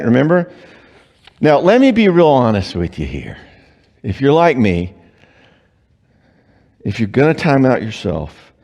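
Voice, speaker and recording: A man speaks at a church conference. His pitch swings widely as he acts out stories with humor. A long reverb rings around him from the church hall. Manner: animated, acts out quoted dialogue with humor. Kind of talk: live conference talk with storytelling. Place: church before a live audience.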